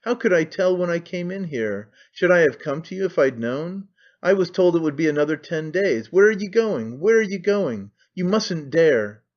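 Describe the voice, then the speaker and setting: A man's voice: on the high side, lively intonation, moderate pace, voice pushed up, close to an everyday voice. A man reading aloud who voices a sick young woman in labour, scornful and in pain, in a dull lo-fi recording. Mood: angry, anguished. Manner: scornful and imperious.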